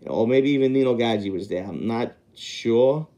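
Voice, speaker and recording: A man's voice: medium pitch, normal speed, dark tone. A man hosting a podcast who tells a long story casually, wandering off and correcting himself as he tries to remember details. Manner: rambling, self-correcting, stops to recall details. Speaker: podcast host telling a story.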